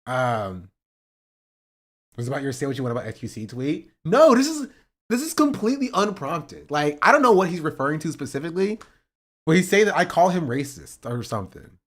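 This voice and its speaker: A man's voice: fairly high pitch, sing-song, a little fast. Young guy streamer, sarcastic, laughs a lot, voice jumps all over the place. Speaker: livestream host. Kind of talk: casual stream commentary.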